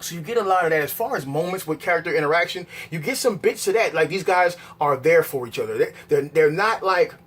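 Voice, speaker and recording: A man with a husky voice talking through a film review in a casual, rambling way, with slang, swearing and repeated checks on whether the viewer follows him. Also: a little high, expressive, fast talker, hardly any pauses, fairly bright tone. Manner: rambling and conversational, repeats words, asks the viewer "you dig what I'm saying?".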